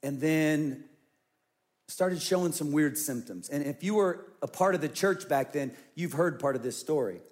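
A man's voice: on the high side, moderate pace, a little mellow. A middle-aged man, a senior pastor, preaching a sermon and telling a personal story earnestly, often repeating phrases.

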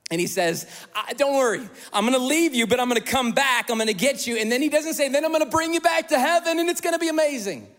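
Male pastor, sermon delivery, high pitch, dramatic loud-soft swings, long hall reverb. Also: fast talker, few pauses. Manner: animated, acts out quoted voices with sudden loud bursts and hushed drops.

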